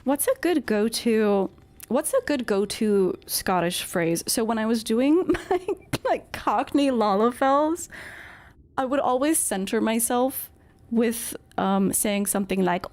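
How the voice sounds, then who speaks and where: A woman's voice: a little high, animated, measured pace, a little mellow, soft background music. A woman streaming a video game, talking casually to chat in a chatty, self-deprecating way, laughing often. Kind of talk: casual gameplay commentary.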